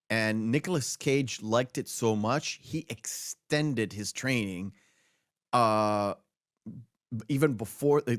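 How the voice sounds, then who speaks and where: A man's voice: mid-range voice, no echo, studio quality. A man hosting a casual movie podcast, rambling through trivia with many fillers and restarts. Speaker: podcast host.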